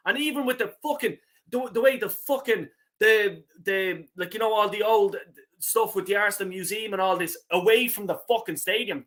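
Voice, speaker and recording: A man's voice: high voice, moderate pace, a bit bright. A man ranting angrily about his football club, swearing constantly and apologizing for it. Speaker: fan channel host. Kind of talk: angry football fan rant.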